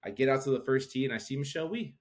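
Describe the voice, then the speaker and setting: A man in his thirties, co-hosting a podcast, telling a story in a casual, animated way and acting out the people he quotes. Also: mid-range voice, racing. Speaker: podcast co-host. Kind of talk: casual chat.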